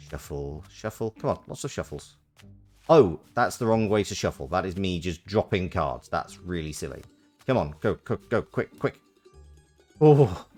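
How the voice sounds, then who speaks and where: A man's voice: low-pitched, a little mellow. A man streaming a video game, chatting casually and muttering to himself as he works through each step. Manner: muttering to himself while working through steps. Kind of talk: casual let's-play commentary. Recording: live stream with faint game music.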